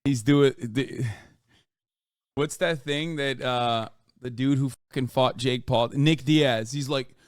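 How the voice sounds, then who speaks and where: A man's voice: medium pitch, dry recording, clean studio sound. Profane man reacting on a stream. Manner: profane, animated, quick to exclaim. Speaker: streamer reacting to a fight video. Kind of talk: casual reaction commentary.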